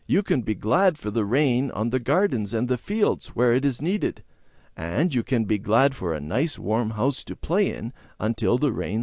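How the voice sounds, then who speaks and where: A calm, loving mother soothing her disappointed children in a storybook, as a male reader puts her on. Her lines are steady and reassuring, with lively rises, in a dry close sound. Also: mid-range voice, no echo.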